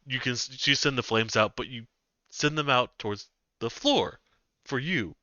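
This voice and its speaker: Running a tabletop game, a man serving as game master narrates actions and rulings casually, with some swearing. His medium-pitched voice is sharp and normal in speed, recorded on a slightly dull, dry mic with no echo.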